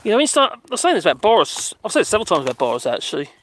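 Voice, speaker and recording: A man's voice: high voice, wildly swooping pitch, very fast, fairly bright tone, slight background noise. A man chatting casually and rambling through a live stream on a dog walk, reading out viewer comments and talking to his dogs. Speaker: vlogger reading live chat.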